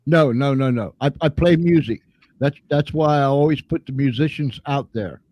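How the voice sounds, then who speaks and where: A man's voice: medium pitch, normal speed, lo-fi sound. A man in his seventies hosting a live chat show, easygoing and a little rambling. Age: 70s. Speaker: host.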